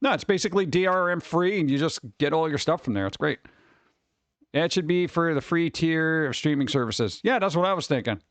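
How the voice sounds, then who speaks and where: Middle-aged dude rambling on his stream, kinda high voice, swears a bunch, does little voices for people. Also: lively intonation, brisk, no echo. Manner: rambling, loose, swears a lot, acts out quoted people; over-caffeinated. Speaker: streamer host. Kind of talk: casual rambling chat with viewers.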